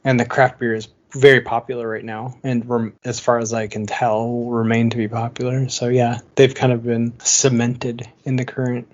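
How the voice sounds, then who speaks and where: A chatty man co-hosting a podcast, talking loosely with plenty of "like" fillers and frequent laughter. His voice sits at an everyday middle pitch. The audio is slightly dull, missing some top end. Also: flat delivery, normal speed, hardly any pauses. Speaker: podcast co-host. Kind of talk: casual chat.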